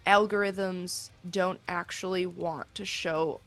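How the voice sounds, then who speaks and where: A woman's voice: lowish voice, steady tone, slow pace, fairly bright tone, faint music behind. A young woman, a singer, talking as an interview guest in a candid, thoughtful way with some hesitations. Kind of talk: casual video interview.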